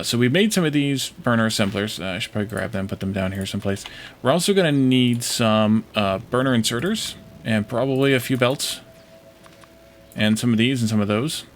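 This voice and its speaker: A man's voice: medium pitch, slight background noise. A man streaming a factory-building game, chatting casually with viewers, joking and fumbling over how to say foreign words. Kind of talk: casual gameplay commentary with chat.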